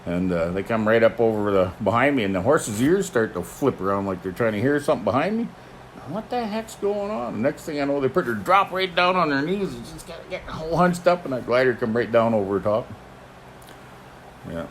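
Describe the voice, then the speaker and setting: Folksy older man, lively pitch. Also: brisk, a little hiss or hum. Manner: folksy storyteller, chuckles, clears throat often. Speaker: host, horse teamster. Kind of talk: casual chat answering viewer questions.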